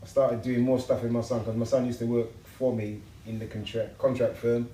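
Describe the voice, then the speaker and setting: Brief: lively, slangy male interview guest, mid-pitched, roomy sound. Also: a little fast, distant mic, a little hiss or hum. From England. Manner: lively storyteller, slangy and upbeat. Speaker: interview guest, builder and TV personality. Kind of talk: casual interview chat. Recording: echoey room.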